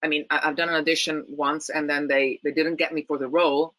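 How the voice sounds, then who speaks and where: Woman from Rome, Italian accent, reflective interview guest with restarts; tense, crisp tone, dry close sound. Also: sits low, flat delivery, a little fast, fairly bright tone, no room sound, rough recording. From Italy, Rome. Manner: thoughtful, many restarts and repeated words. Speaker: actress, guest. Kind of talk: interview conversation.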